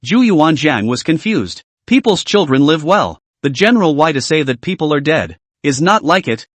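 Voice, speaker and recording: Lively, higher-pitched man narrating a story. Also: moderate pace, dry recording.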